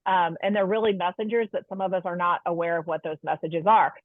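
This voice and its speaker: A woman's voice: fairly low pitch, fairly even intonation, quick pace, no room sound. Woman presenting a webinar over a tinny line. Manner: warm explanatory, asks the audience questions. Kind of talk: webinar lecture. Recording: tinny phone-like line, dry.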